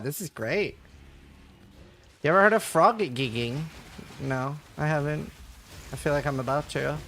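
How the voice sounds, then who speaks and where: A man talks to his live chat during a game stream, joking and answering messages as they come in. His voice sits high and sounds bright and forward. He keeps the tone light and chatty. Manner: chatty, jokey, reads and answers chat aloud. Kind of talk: casual chat with live viewers while gaming.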